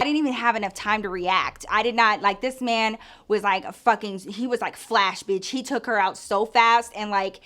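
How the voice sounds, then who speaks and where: A woman's voice: on the high side, sharp tone. A young adult woman telling a story from her own life in a casual storytime, chatty and profane, leaning hard on "like". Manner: chatty and profane, heavy use of "like". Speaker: storyteller vlogger.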